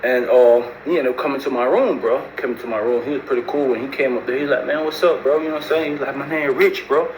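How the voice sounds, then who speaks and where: A man's voice: medium pitch, fast talker, few pauses. A man spins a long story in loose, slangy speech. He keeps slipping into the voices of the people he quotes. The recording has a roomy echo and a faint hiss of background noise. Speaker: storyteller recounting prison life. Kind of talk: casual storytelling.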